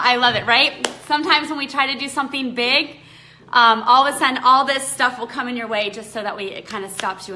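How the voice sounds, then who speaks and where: A woman's voice: medium pitch, sharp tone, a little hiss or hum. A woman hosting a live online session, talking in a bubbly, effusive and earnest way. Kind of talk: casual livestream talk.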